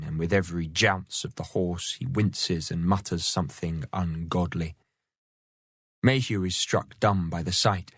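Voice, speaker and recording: A man reading a novel aloud as the audiobook narrator, in measured storytelling. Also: deep voice, a bit bright, no echo, studio quality. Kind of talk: scripted narration.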